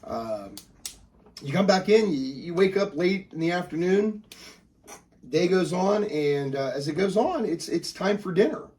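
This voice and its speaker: A man's voice: sits high, animated, unhurried, a little mellow, recorded from a distance. A man narrating as game master of a tabletop game, rambling with many fillers and restarts.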